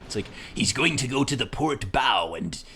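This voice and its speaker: A man voicing a gruff, boozy male pirate who talks in salty sea-dog slang over a video game. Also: mid-range voice, animated, normal speed, bright, forceful tone. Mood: swaggering.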